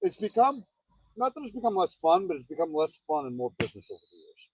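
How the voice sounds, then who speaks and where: A man on a casual panel show who talks quickly and keeps rephrasing himself. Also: high-pitched, sing-song, a little mellow, slight background noise, poor audio.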